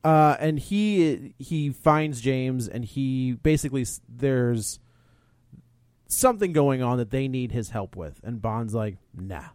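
A man's voice: mid-range voice, slow pace, darkish tone, clean tone, no echo, clean studio sound. Rambling man recapping a movie. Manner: rambling, recaps plot with fillers and restarts. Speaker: podcast co-host. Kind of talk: casual movie review chat.

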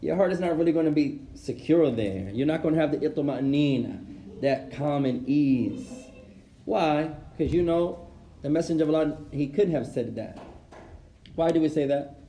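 A man's voice: a little high, moderate pace, mellow, a little hiss or hum. A man teaching an Islamic studies class, asking rhetorical questions and mixing Arabic phrases into his English. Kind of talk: classroom lesson. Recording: echoey room, faint ambience.

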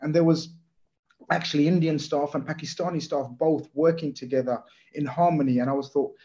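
A man chatting as a podcast guest, telling stories in an animated, rambling way. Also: on the high side, a little fast, highs cut off. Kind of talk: casual football chat.

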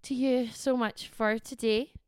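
A young woman co-hosting a podcast, talking in a high, smooth, clear voice. She chats and giggles freely and drops the odd swear word, and the sound is close and dry. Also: steady tone, unhurried, a little mellow, no room sound. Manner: giggly, chatty, swears casually. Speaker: podcast co-host. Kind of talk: casual chat.

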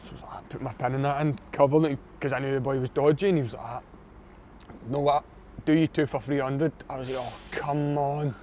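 A man's voice: medium pitch, fast talker, a little hiss or hum. A Scottish man telling a long funny story in casual chat, acting out what people said. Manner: animated anecdote teller, lots of quoted dialogue.

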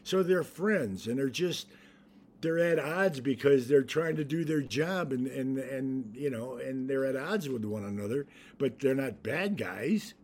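An older actor being interviewed tells anecdotes full of restarts and frequent laughter, acting out the voices of people he quotes. He speaks at a medium pitch and a measured pace, with slight background noise.

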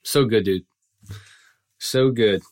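A man hosting a casual interview, relaxed and encouraging, with slangy praise. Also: lowish voice, slow pace. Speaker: podcast host.

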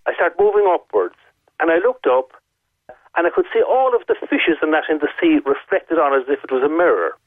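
An Irish man phones in to a radio show, his fairly high voice animated and fairly quick as he tells a long, vividly detailed story, repeating points for emphasis. The call comes through a telephone on a tinny line, with no echo.

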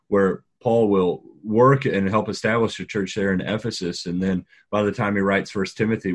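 A man's voice: deep voice, husky. A man in a casual Bible study discussion, adding related examples from other parts of the Bible. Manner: adds cross-references, agreeable.

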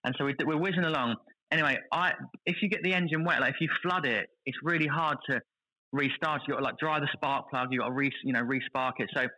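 A man talking quickly with a very bright, forceful edge to his voice. He is a guest on a podcast who tells a story in an animated, excitable way and acts out the other people's lines. He never slows down for long. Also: mid-range voice, low-quality recording. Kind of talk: casual chat, telling a story.

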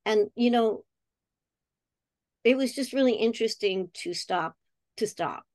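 A woman's voice: a little high, a little slow, a little mellow, dry recording. A woman in her sixties, a podcast guest talking in an earnest, reflective way in casual conversation. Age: 60s. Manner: earnest and reflective, acts out remembered dialogue.

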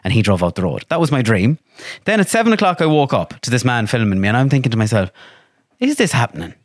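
A man with an Irish accent, a podcast guest telling stories in lively, profane casual chat and acting out what people said. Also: medium pitch, fast talker, dry recording, studio quality. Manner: animated, swears freely, acts out quotes.

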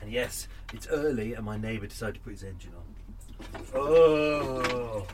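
A man's voice: medium pitch, expressive, unhurried, background noise. A British man hosting a podcast, rambling and grumbling in casual unedited chat from his home, shaken and a little breathless. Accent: British English. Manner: rambling, grumbling, self-interrupting. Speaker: podcast host. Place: home room.

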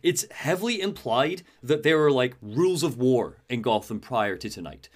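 A man's voice: medium pitch, big pitch swings, moderate pace. A man hosting a podcast, animatedly retelling a video game's story and laughing often. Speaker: host.

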